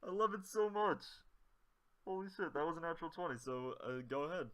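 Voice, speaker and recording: Playful man player with a lively voice. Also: fairly high pitch, brisk, clear, resonant tone. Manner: playful, laughs easily, lively. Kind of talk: casual tabletop play.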